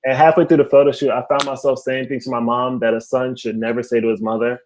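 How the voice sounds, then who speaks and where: A young man doing a stand-up comedy set over a video call, telling animated stories and laughing at his own jokes. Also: mid-range voice, quick pace, background noise. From family from Haiti.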